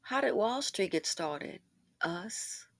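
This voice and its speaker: A woman host giving impassioned social commentary, swinging between loud emphasis and hushed asides. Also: medium pitch, lively intonation, slow pace, no echo.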